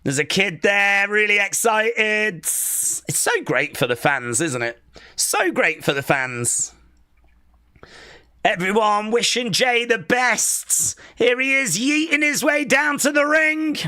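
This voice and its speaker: A host reacting live and excitedly during a stream, chatting, shouting and laughing between remarks. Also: medium pitch, takes it slowly.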